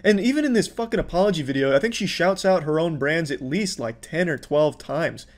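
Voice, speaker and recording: Speaking fairly quickly with lively intonation, this man has a fairly high voice. He is a commentary YouTuber who ridicules what he watched in a sarcastic, exasperated, foul-mouthed way.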